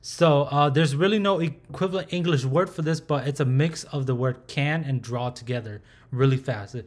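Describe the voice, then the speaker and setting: A man's voice: medium pitch, moderate pace, hardly any pauses. A man teaching a recorded language lesson. He speaks patiently, sounds out syllables and repeats them aloud.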